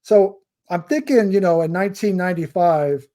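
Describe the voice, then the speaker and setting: A man's voice: high-pitched, normal speed, dark tone. A man co-hosting a film podcast, chatting casually in an easygoing, rambling way. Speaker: podcast co-host. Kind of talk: casual film-review chat.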